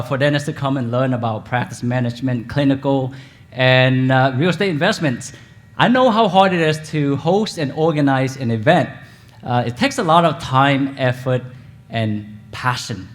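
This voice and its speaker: A man with a Vietnamese accent, a dentist, telling his story in an animated keynote speech at a hotel event, asking the audience questions. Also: mid-range voice.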